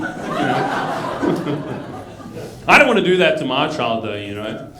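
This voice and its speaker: A man doing a stand-up routine, delivering a lively mock narration. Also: mid-range voice, slow, long pauses, very noisy. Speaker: stand-up comedian. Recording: echoey club with crowd.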